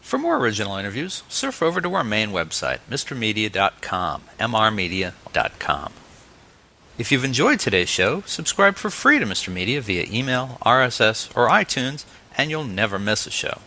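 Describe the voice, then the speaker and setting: A man's voice: medium pitch, sing-song, normal speed, pushed and bright. A man hosting an interview show who wraps up the talk and reads the closing announcements. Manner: friendly, laughs often. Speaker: radio interview host. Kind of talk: interview and scripted show outro.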